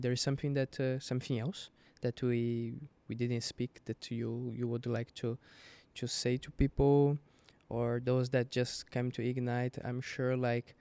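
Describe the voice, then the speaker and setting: Mellow, flat-toned man hosting a chat. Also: mid-range voice, clear, resonant tone. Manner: hesitant, many restarts while asking. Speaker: podcast host, church member. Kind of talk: casual podcast chat.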